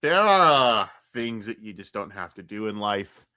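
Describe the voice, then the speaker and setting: Hombre burlón con voz muy expresiva. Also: male voice, fairly low pitch, big pitch swings, normal speed, dry recording, clean studio sound. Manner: crude, mocking, heated, swings between loud and muttered. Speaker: streamer reacting to online drama. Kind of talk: profane live-stream rant.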